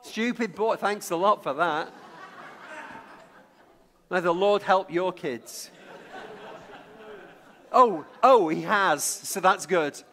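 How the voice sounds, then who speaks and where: In a sermon delivered in a chatty manner, a middle-aged man from Lancashire shares a childhood tale, stumbles into repeated words, and asks listeners to guess aloud. He has a high, sharp-toned voice and talks slowly with long pauses.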